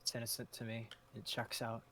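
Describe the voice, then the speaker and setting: A man in character in a role-play, talking through plans and telling a story in a measured, deliberate way. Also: medium pitch, completely flat delivery, sharp tone, slight background noise.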